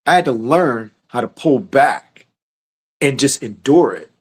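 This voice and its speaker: A man's voice: mid-range voice, lively intonation, a little slow, slightly rough. A man teaching scripture in a casual, slangy sermon style, often repeating and restarting his words. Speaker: teacher leading a scripture study.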